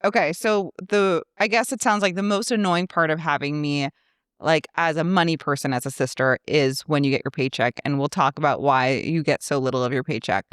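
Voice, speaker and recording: With a low, clean-toned voice and a fairly quick pace, this thirtysomething money coach chats playfully on her podcast, laughing frequently and slipping into mock voices. The recording is dry and studio quality.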